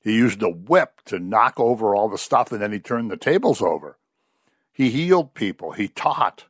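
A man preaching a sermon, telling a Gospel story with animated storytelling and quoted voices. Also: on the low side, normal speed, husky, dry recording, clean studio sound.

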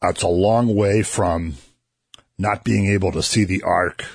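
A man's voice: sits low, fairly even intonation, a little slow, husky, dry recording, clean studio sound. A man hosting a Christian radio show, earnestly explaining a Bible passage to listeners and his co-host. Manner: earnest, explanatory, builds emphasis. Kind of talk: conversational Bible teaching.

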